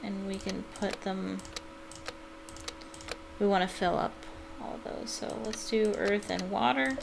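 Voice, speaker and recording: A woman's voice: medium pitch, unhurried, creaky, very noisy. A woman giving casual commentary while playing a video game, thinking aloud with fillers and laughing easily. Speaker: let's play gamer.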